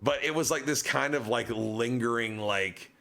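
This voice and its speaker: A man's voice: medium pitch, moderate pace, sharp tone, faint music behind. A young man streaming, telling a long personal story in a casual, rambling way, full of fillers and acted-out dialogue.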